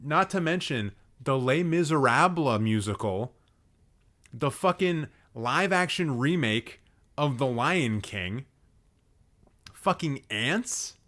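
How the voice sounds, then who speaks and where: A man's voice: mid-range voice, expressive, slow pace, a bit bright. A young man hosting a live stream, roasting a viewer's film ratings with exasperated, sarcastic commentary and plenty of swearing. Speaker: livestream host.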